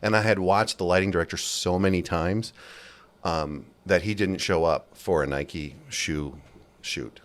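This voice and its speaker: A Las Vegas-based man guests on a podcast, telling stories casually and with animation and acting out the people he quotes, raising his voice to play his bosses. His voice sits low and runs a little slow.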